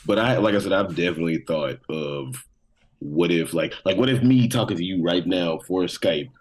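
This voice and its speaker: A man's voice: deep voice, normal speed. A man co-hosting a podcast, musing in laid-back, profane casual chat over a remote call. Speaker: podcast co-host. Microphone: remote call setup.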